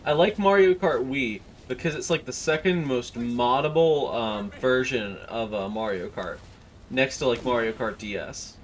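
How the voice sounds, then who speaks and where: A man's voice: mid-range voice, a little slow, slight background noise. A young man chatting and joking as he streams a game. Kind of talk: casual game commentary.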